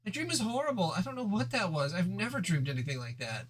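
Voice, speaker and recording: A man's voice: high-pitched, very animated, fast talker, breathy edge, voice pushed up, exaggerated voice. A man doing a grumpy, whiny young girl. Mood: upset. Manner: irritable, whiny. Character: young human girl, grumpy and easily annoyed. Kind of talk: reading a webcomic aloud with voices.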